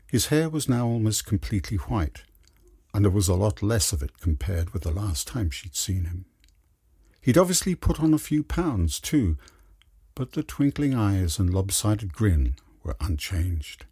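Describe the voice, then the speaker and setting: A man reading a short story aloud in expressive, scripted narration. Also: on the low side, a little slow, husky, no room sound, studio quality. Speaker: audiobook reader.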